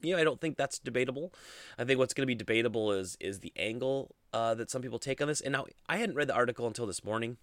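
A man's voice: medium pitch, fast, a bit bright, no echo, studio quality. A man hosting a casual solo gaming podcast, rambling with lots of fillers and restarts. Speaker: podcast host.

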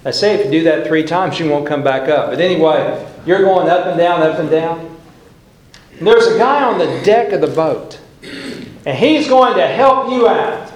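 Folksy preacher in an echoey church. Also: male voice, fairly high pitch, animated. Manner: folksy storytelling with dramatic pauses. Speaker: pastor. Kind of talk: sermon. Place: church sanctuary.

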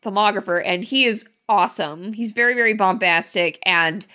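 A woman co-hosting a casual film discussion, recapping scenes in an animated way. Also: mid-range voice, normal speed. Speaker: podcast co-host.

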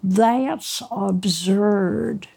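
A woman quoting an older male surgery chief with a Southern accent and a slow, dismissive drawl. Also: high voice, vocal fry, darkish tone, slightly rough, exaggerated voice.

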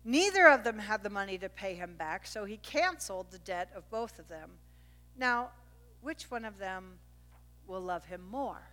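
A middle-aged woman preaching a sermon, telling a family story with animated energy that jumps up at the high points. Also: normal speed. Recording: reverberant hall.

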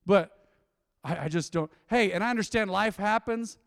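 Emotive pastor preaching, high voice. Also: male voice, normal speed, dry recording, clean studio sound, big-room sound. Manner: energetic, emotive, swinging between loud and soft. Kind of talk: sermon.

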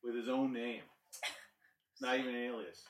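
A man co-hosting a casual movie podcast, laid-back with quick sarcastic asides. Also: mid-range voice, steady tone. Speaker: podcast co-host. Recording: roomy, distant from the mic.

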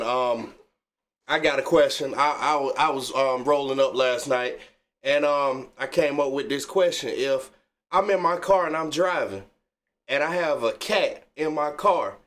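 A man appearing as a studio guest on a radio show, speaking slowly and haltingly with many ums. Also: mid-range voice, a bit bright. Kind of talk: casual radio banter.

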